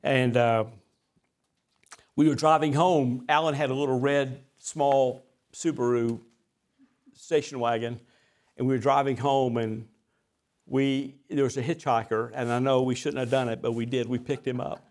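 A man preaching from the pulpit, moving between a relaxed, folksy storytelling tone and emphatic, deliberate scripture reading. His pitch sits in an ordinary middle range, and he adds a gentle self-deprecating humor. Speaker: pastor. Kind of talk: sermon.

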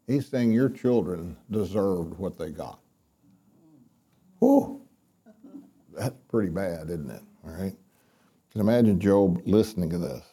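A man's voice: low voice, moderate pace, dark tone, husky. A man teaching the Bible to a room of listeners, reading scripture aloud and explaining it plainly, with frequent ums and restarts.

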